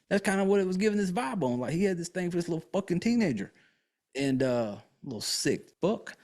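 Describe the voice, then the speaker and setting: A man's voice: high-pitched, sing-song, a little fast, darkish tone. A man hosting a podcast, recapping a film in a casual, profane, joking way with lots of fillers. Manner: rambling, crude and joking, with many fillers. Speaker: podcast host.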